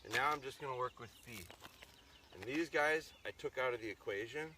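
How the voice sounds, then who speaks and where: A man's voice: mid-range voice, a little fast, sharp tone. A man streaming live from a farm as a dog trainer, chatting to viewers and giving his dogs short firm commands. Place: outdoors on a rural farm. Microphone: phone or camera on a tripod. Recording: noisy outdoor livestream.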